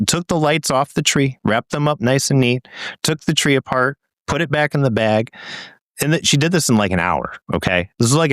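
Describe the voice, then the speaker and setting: A man's voice: fairly low pitch, a bit bright, smooth, no echo, studio quality. A man co-hosting a podcast, telling a long anecdote in casual chat and swearing freely. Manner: rambling storyteller, swears freely. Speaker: podcast co-host.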